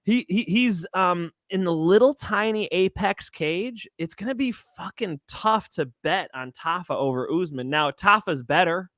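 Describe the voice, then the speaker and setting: A man co-hosting a casual sports betting chat, rambling and animated, swearing often and tripping over his words. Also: high-pitched, unhurried, few pauses, dry recording, clean studio sound. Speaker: co-host of a fight betting show.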